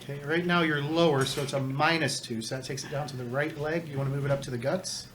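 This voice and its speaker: A man's voice: on the high side, steady tone, quick pace, fairly bright tone. A man running a tabletop game as game master, giving rules in a matter-of-fact way. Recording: noisy home recording.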